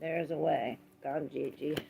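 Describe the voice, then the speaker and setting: A woman tarot reader in a casual livestream chat, rambling between her thoughts and greeting viewers by name, with a gravelly voice. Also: low-pitched, steady tone, a little slow, noisy background.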